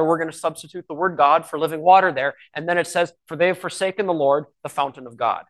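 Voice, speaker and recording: A man preaching a sermon in a conversational way, asking rhetorical questions and slowing down to stress key words. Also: on the high side, a bit bright. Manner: slows and stresses key words when reading scripture.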